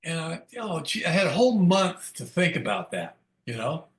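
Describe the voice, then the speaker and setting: A man's voice: a little high, sing-song, moderate pace, roomy sound. An older man giving a candid recovery talk at a Big Book study, telling stories and acting out the dialogue in them. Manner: candid storytelling, acts out quoted dialogue.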